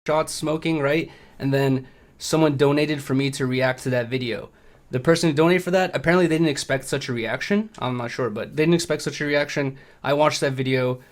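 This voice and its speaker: A man on a livestream giving a nervous, halting apology, rambling and full of fillers. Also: medium pitch. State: nervous, shaky. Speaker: streamer.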